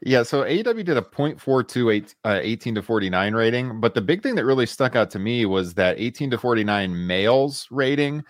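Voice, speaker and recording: A man hosting a podcast, laying out numbers and news in a steady, casual way on a close studio mic. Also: medium pitch, no room sound. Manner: steady, fact-heavy, quick asides. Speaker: podcast host.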